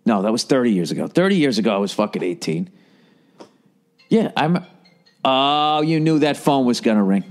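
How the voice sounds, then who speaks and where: A man's voice: medium pitch, lively intonation, normal speed, pauses often, faint music behind. A man in his late forties hosting a podcast, riffing in a profane, sarcastic comedic monologue and slipping into mock voices. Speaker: podcast host.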